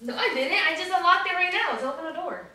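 A woman's voice: very high-pitched, animated, fast talker, bright, forceful tone. A woman vlogging at home in a casual, chatty way, talking slangy and laughing often as she sets up a prank. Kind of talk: casual prank vlog chat. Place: at home indoors.

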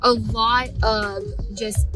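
A woman's voice: on the high side, fairly even intonation, drawn-out words, over music, rough recording. A woman vlogging in a casual, chatty way, telling stories with animation. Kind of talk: casual vlog chat.

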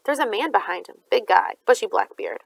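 A woman reading a nervous but sharp-tongued teenage girl in an audiobook, with clipped, snappy lines. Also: mid-range voice, animated, fairly quick, gravelly, no room sound, low-quality recording. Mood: anxious, snappy. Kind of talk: audiobook character voice.

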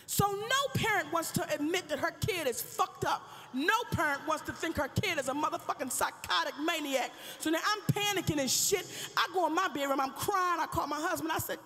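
A woman stand-up comedian telling a profane story in a brash style with loud outbursts, on a live stage. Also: very high-pitched, moderate pace. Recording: reverberant live venue.

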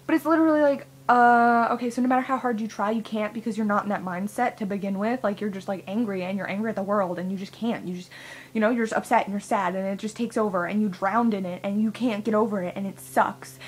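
A woman's voice: mid-range voice, fairly even intonation, quick pace, slight background noise. A young woman vlogging in a rambling, casual way, swearing a lot and filling her talk with "like". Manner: rambling, heavy swearing, filler-laden.

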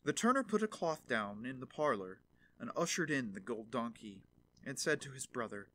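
A man narrating a fairy tale audiobook in an expressive storytelling manner. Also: mid-range voice, moderate pace.

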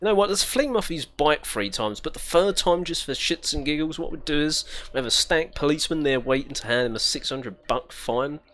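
A man's voice: on the high side, animated, a little fast, few pauses, a bit bright. A young British man commentating casually while playing a racing game, chatty, swearing and giggling often. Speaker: gaming channel host. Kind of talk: casual let's-play commentary.

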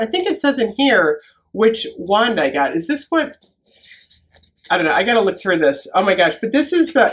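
A middle-aged woman from the United States, excitably unboxing gifts in a casual vlog, often gasping and giggling. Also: a little high. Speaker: vlogger.

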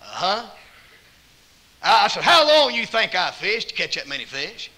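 A Southern-accented male evangelist preaches in a church, his voice bright and cutting. His pitch swings widely as he tells folksy stories and bursts into loud emphasis. He sits a little high for a man. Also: big pitch swings, normal speed, low-quality recording. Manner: folksy anecdotes, quoting himself and others, bursts of loud emphasis. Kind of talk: sermon with storytelling. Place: church auditorium.

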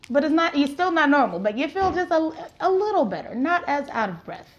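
A woman's voice: high voice, very animated, a little fast, muffled recording. A woman talking casually as a client, agreeing with the host and finishing her sentences. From Trinidad and Jamaica. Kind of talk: casual chat.

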